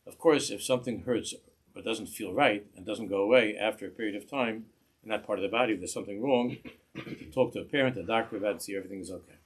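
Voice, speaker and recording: A man giving a religious lesson in a measured way, often repeating phrases as he searches for words. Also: on the low side, husky. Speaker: religious teacher. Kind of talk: instructional talk to parents.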